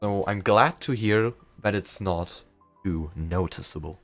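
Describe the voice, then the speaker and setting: Deep-voiced man with a slight German accent. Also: a little slow, fairly bright tone, faint music behind. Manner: chatty, rambling, self-deprecating. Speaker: streamer. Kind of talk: casual chat during a live game stream.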